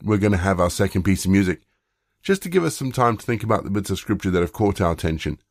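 A man reading scripture aloud in a calm, measured way as he leads a daily devotion. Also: low-pitched, no echo, clean studio sound.

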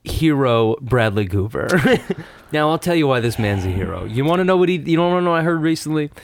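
Young man telling animated stories. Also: fairly high pitch, fairly quick, slight background noise. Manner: animated storytelling with quoted voices and laughter. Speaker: podcast co-host. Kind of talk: casual chat.

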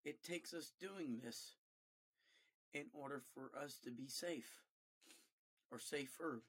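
A man giving an emotional personal monologue, earnest and halting, repeating himself and pausing between short phrases. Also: a little high, fairly bright tone, breathy edge. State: emotional, voice breaking at times.

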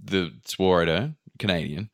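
A man's voice: low-pitched, moderate pace. A man casually recounting a chaotic trip, acting out quotes and swearing freely. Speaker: podcast host telling a travel story. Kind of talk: casual storytelling chat.

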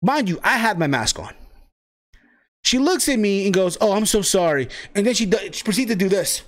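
A man's voice: sits high, sing-song, normal speed. Rambling New podcast guy. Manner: rambling, profane, many fillers and tag questions. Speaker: wrestling podcast host. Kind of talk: casual solo podcast chat.

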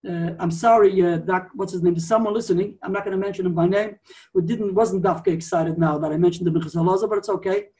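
Man, Torah class teacher, high voice, explanatory, digressive, repeats points, distant from the mic. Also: steady tone, fast, warm tone.

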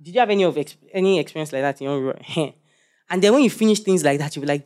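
A young man preaching a sermon, animated and joking as he quizzes the congregation. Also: a little high, rapid-fire.

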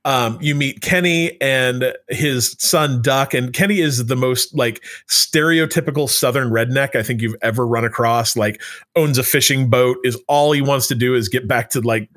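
A man's voice: medium pitch, normal speed, a bit bright. A man co-hosting a casual chat, rambling with many restarts and fillers. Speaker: podcast co-host.

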